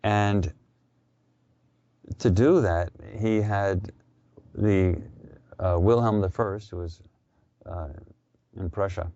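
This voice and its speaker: A man's voice: low-pitched, takes it slowly, long pauses, warm tone, no room sound, highs cut off. A man talking as a radio interview guest, telling history in a loose, conversational storytelling way. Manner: conversational, storytelling with quoted voices.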